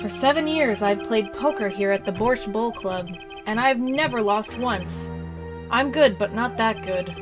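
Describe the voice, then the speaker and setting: Woman reading wry young lawyer guy, dry tone, higher voice, game music. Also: unhurried, lightly acted. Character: wry young male defense attorney.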